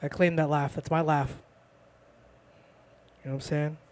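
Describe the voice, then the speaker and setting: A man's voice: on the high side, level tone, moderate pace, a little mellow. Playful, self-deprecating stand-up man. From Dominican family background. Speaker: stand-up comedian. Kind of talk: stand-up comedy set. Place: bar stage at a live open mic.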